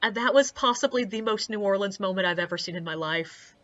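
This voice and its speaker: A woman's voice: medium pitch, fairly quick, a bit bright, no echo, highs cut off. A young woman, a tour guide, telling anecdotes in a chatty, casual way, peppered with likes, uhs and swearing. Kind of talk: casual storytelling vlog.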